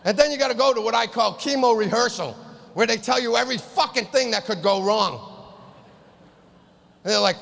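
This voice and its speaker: The male comic, hailing from East Boston, talks at a normal speed but leaves long pauses as he rants, swearing in exasperation. His voice sits high, bright and gravelly, and his yelled punchlines ring through the long reverb of a live hall over faint ambient noise.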